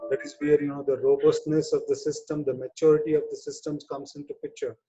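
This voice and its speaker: A man talking a webinar audience through a topic in a loose conversational way, leaning on "you know" as he goes. His voice sits somewhat high but dark and mellow. The sound is muffled and lo-fi, like an online call. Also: level tone, fast talker. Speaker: webinar speaker on people management. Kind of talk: webinar talk.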